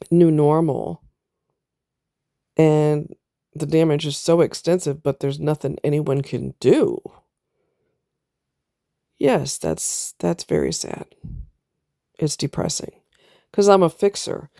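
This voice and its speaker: A woman's voice: deep voice, warm tone, clear, resonant tone, dry recording, studio quality. A middle-aged woman telling a personal story in a candid, casual vlog, speaking straight to her viewers. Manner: candid, talks straight to viewers with southern US slang. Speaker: vlogger.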